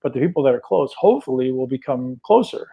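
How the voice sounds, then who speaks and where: An upbeat man hosts a podcast in relaxed conversation. His voice sits at an ordinary middle pitch, and he keeps checking in with his co-host as he talks. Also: quick pace, vocal fry, slightly rough, rough recording. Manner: enthusiastic, repeats "right?" often.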